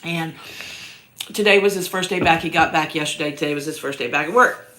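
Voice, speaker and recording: A woman's voice: low-pitched, fairly quick, pushed and bright. A woman hosting a casual livestream chat from home, rambling and self-mocking, with a cough that keeps breaking into her voice. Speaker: host answering viewer questions. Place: downstairs at home.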